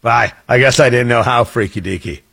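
A man hosting a morning radio talk show, joking and riffing with quick self-interruptions. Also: medium pitch, creaky, a bit bright, husky. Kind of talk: casual radio chat.

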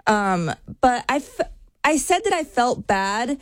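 A woman's voice: fairly high pitch, takes it slowly, no room sound, studio quality. Young woman telling a story on radio. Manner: animated storytelling, acting out quotes. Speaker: radio show co-host. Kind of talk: casual morning-show chat.

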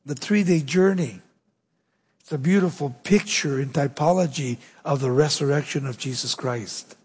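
High husky preaching man, hall echo. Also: a little mellow. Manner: emphatic preaching, dropping low and slow for weight. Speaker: pastor. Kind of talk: sermon.

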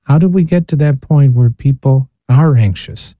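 A man's voice: medium pitch, moderate pace, warm tone, no echo. A man, a priest and spiritual director, speaking earnestly on a radio show and posing rhetorical questions. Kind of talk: radio talk reflection. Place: radio studio.

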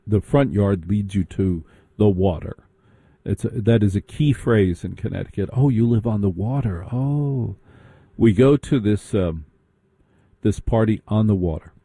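A man telling a sarcastic, animated comic story in a stand-up style. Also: on the low side, husky, no echo, studio quality. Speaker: comedic storyteller.

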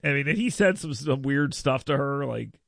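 Chatty gravelly-voiced radio host man. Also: mid-range voice, animated, moderate pace, fairly bright tone, no echo, studio quality. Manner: rambling storytelling with mocking put-on voices. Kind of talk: casual radio chat.

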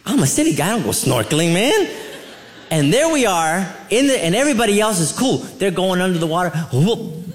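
A middle-aged man doing a stand-up comedy set, telling rambling, animated stories with asides. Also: high-pitched, brisk. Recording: roomy venue sound with light noise.

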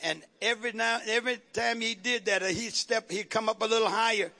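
A man's voice: high voice, fairly quick, creaky, bright, forceful tone. A man preaching a fervent sermon, calling out to the congregation and asking for responses.

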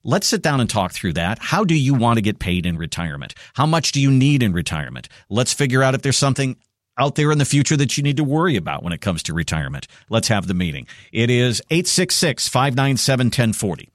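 A man's voice: mid-range voice, very animated, quick pace, no room sound, studio quality. Persuasive male radio host. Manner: persuasive, repeats phone numbers. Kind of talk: financial radio talk and ad reads.

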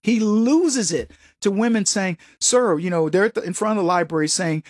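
A man's voice: high-pitched, expressive, fairly quick, dry recording, studio quality. A male radio talk show host delivering a political monologue in a conversational, emphatic way, often chuckling at his own asides.

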